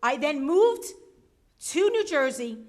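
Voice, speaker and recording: A woman's voice: sits high, big pitch swings, slow pace, a little mellow. A middle-aged woman, an acting school superintendent, speaking defiantly and emphatically at a public board meeting.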